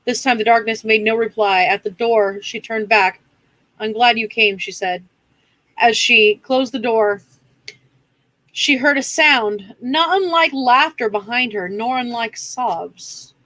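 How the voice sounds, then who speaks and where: High-pitched woman host for a casual read-aloud, close and dry, eases into quiet character lines. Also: unhurried, dry recording, low-quality recording. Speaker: host reading a novel aloud. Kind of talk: reading aloud with casual chat.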